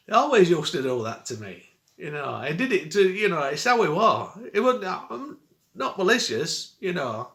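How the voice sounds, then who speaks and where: A middle-aged man rambles through a story in his own dialect, chuckling as he goes. His voice sits at an ordinary middle pitch. The recording has a roomy echo around him. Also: sing-song, normal speed, a bit bright. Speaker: vlogger. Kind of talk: casual storytelling.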